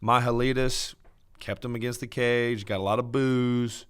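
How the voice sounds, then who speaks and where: A man co-hosting a podcast, recapping fights in a relaxed, casual way and talking in long runs. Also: mid-range voice, moderate pace, clean tone. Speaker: podcast co-host. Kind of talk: casual chat.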